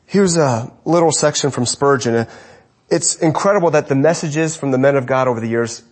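A male pastor preaching a sermon, emphatic, often dropping to a hush to stress a point. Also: medium pitch, normal speed.

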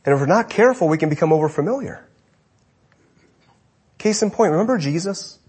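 A male pastor preaching a sermon, emphatic, often dropping to a hush to stress a point. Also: fairly high pitch, animated, brisk, breathy edge.

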